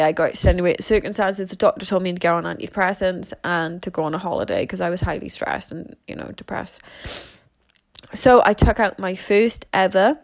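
A young woman tells a personal story in a candid, rambling way and swears freely. Her voice sits at an ordinary middle pitch. The sound is dry and close, with no room echo. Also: vocal fry.

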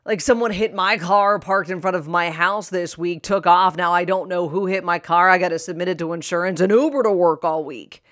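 A woman life coach in her thirties talking candidly to listeners on her own show, chatty and animated, with playful asides. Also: lowish voice, a little fast, hardly any pauses, no room sound, studio quality. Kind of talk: solo podcast talk.

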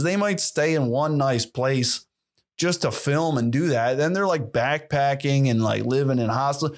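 A man hosting a solo podcast who rants in a rambling, profane and sarcastic way. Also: fairly high pitch. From United States. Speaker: podcast host. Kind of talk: casual solo rant.

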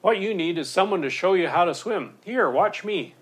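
A man voicing a brisk, confident boat owner who talks in a chirpy, lecturing way. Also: sits high, expressive, fairly bright tone, husky, pitched above the performer's own voice, full character voice. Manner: chirpy, lecturing, matter-of-fact.

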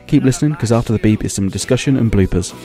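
A man, the podcast host, reading a scripted outro with credits in a plain, even delivery. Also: medium pitch, fast, over music.

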